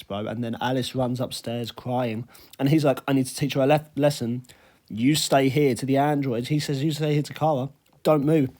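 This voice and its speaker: A young man recapping a video game he played, talking fast and excitedly and saying "bro" a lot. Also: mid-range voice. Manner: animated, says "bro" constantly. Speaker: gaming YouTuber.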